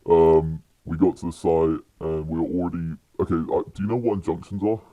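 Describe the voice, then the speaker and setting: Very deep-voiced young British man. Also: little pitch movement, a little fast, dark tone, dry recording. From United Kingdom. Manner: rambling, with many fillers and restarts. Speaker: podcast guest. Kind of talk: casual storytelling.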